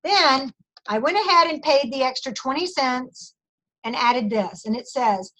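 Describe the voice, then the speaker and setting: A woman's voice: sits high, a little slow, fairly bright tone. A middle-aged woman training her sales team over a video call, chatty and emphatic as she acts out conversations with customers.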